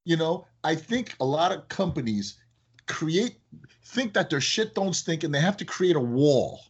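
A man who owns a business, chatting in a casual podcast and telling animated stories that act out his phone calls. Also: on the high side, measured pace, breathy edge, muffled recording. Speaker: business owner, guest.

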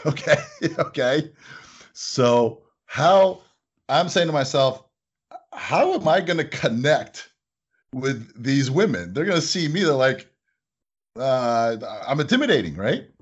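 Husky, animated man telling stories. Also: lowish voice, dull audio. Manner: animated, acts out voices in anecdotes. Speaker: business owner, guest. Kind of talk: casual interview storytelling.

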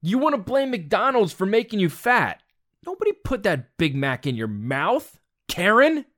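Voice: medium pitch, very animated, unhurried, fairly bright tone. Blunt, exasperated ranting commentator. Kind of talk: opinion rant monologue.

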